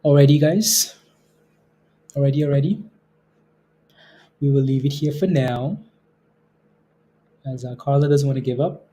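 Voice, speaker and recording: Man, livestream host, mellow dark tone, easygoing chatter, repeats himself, reads viewer comments. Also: medium pitch, a little slow, pauses often. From Canada. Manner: relaxed, laughs often, repeats phrases. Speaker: day trading livestream host. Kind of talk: casual livestream chat reading viewer comments.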